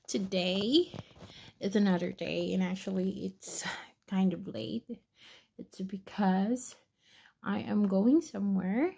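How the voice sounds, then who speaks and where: A woman's voice: medium pitch, warm tone. A woman from the Philippines, chatting casually and giggly to camera as a travel vlogger. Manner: chatty and giggly, with playful sign-offs to viewers. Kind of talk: casual vlog chat to camera.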